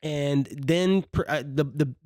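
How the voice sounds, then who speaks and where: A man's voice: fairly high pitch, slow, no room sound, clean studio sound. A man co-hosting a podcast, telling a story with energy and acting out what people said. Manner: animated, acts out quotes in different voices. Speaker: podcast co-host. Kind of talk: casual storytelling chat.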